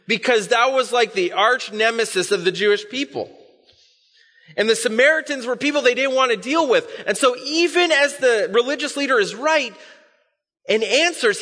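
Man, pastor, high bright voice, conversational sermon, long reverb in a church hall. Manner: conversational storytelling preaching with asides.

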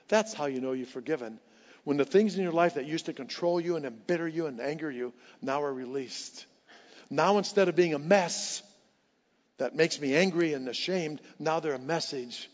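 A man preaching with fervor, hammering home key phrases and swinging from hushed to loud, his voice sitting a little high. The sound carries a long hall reverb and comes through dull and muffled, as from a church sanctuary. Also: normal speed. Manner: impassioned preaching, repeating lines for emphasis. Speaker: pastor. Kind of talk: sermon.

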